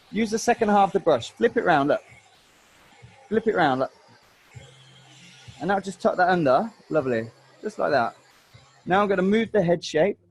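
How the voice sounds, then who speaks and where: A man's voice: high voice, a little hiss or hum, low-quality recording. A man giving a chatty, matey live hairdressing demonstration, talking through each step as he works. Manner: chatty, matey, talks while working. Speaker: hairdressing educator. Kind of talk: live online hair cutting demo.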